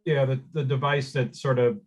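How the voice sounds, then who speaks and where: A man co-hosting a casual chat show, wry and quick with trivia. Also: medium pitch, little pitch movement, over music. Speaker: podcast co-host.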